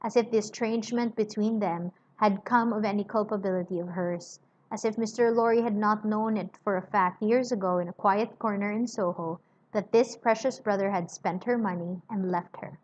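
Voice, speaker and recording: A woman reads a classic novel aloud at a steady, plain pace, now and then slipping in casual asides. Her voice sits mid-range, and the recording sounds a little dull and muffled. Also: medium pitch, moderate pace. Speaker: reader.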